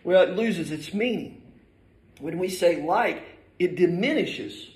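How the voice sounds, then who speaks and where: A man in middle age delivers a sermon from the pulpit, his voice pitched high and ringing through an echoey church hall. He speaks emphatically, pressing each point and lifting his voice as he reads scripture. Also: animated, slow. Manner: emphatic, reads scripture aloud with rising force. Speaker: pastor. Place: church sanctuary.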